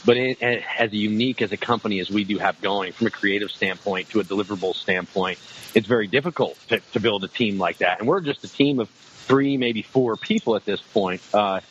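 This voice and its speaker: A man's voice: fairly low pitch, brisk. A man, a guest on a podcast, talking casually about his outdoor show. He rambles, restarting his sentences and filling them with "you know" and "um.". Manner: rambling, many restarts and fillers. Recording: slightly dull lo-fi sound, faint noise.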